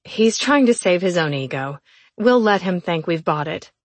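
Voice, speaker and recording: Woman voicing a caring sharp-tongued older sister. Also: lowish voice, expressive, moderate pace, no echo. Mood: wry. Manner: supportive, speaks through gritted teeth when angry.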